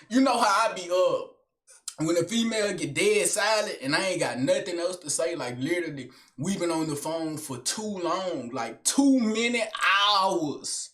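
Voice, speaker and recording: A young man rambles through a joking solo monologue, full of street slang. His talk is animated and loose, and it swings between hype and mumbling asides. His voice sits high for a man. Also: moderate pace. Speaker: vlogger. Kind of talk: casual comedic monologue.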